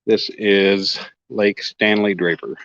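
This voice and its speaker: A man's voice: lowish voice, flat delivery, slow, fairly bright tone, no room sound, lo-fi sound. A man from Oklahoma chatting casually on a fishing livestream outdoors, reading comments and joking with viewers. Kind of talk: casual live-stream chat reading comments. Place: outdoors at a lake bank.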